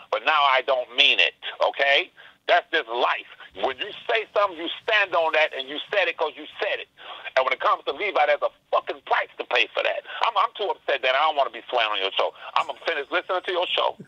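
Angry high-voiced man ranting on a phone line. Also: animated, fast, sharp tone, breathy edge, no echo. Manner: angry, swearing, repeats himself. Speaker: caller on a live stream. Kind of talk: heated call-in rant.

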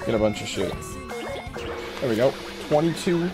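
A man's voice: medium pitch, moderate pace. A male streamer giving casual live commentary on a game, reacting with frequent swearing. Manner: profane, reactive, animated. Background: video game music.

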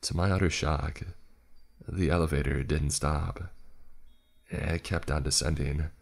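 A man's voice: very deep voice, steady tone, unhurried, creaky. A man narrating a horror story in the first person, with a dry, sarcastic storytelling manner.

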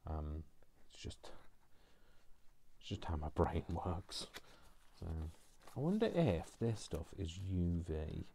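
A man's voice: sits low, big pitch swings, slow, vocal fry, warm tone, a little hiss or hum. A man talking casually while he crafts, rambling and teasing himself along the way. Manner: rambling, self-mocking asides. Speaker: craft vlogger.

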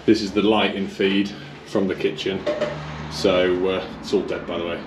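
A man's voice: low-pitched, little pitch movement, normal speed. A man, an electrician, chatting casually to viewers and thinking aloud as he works in a garage being converted to a kitchen. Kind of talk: casual explaining while working. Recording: echoey room with faint noise.

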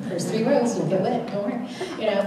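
Her voice fairly high and brisk, this young adult woman gives a humorous, sermon-like testimony at a church conference, voicing her own past lines. Crowd noise surrounds her, and the faraway mic captures a very echoey hall.

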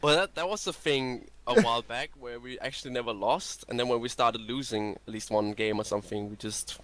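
A man who is a guest in a casual gaming interview and gives relaxed, rambling answers. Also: mid-range voice, brisk. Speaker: interview guest, esports player.

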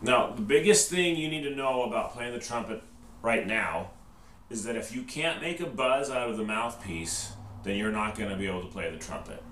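A man's voice: medium pitch, moderate pace, fairly bright tone. A male band teacher giving a patient step-by-step trumpet lesson, checking in with "okay?" after each step. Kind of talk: instructional video lesson. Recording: roomy echo, distant mic, faint noise.

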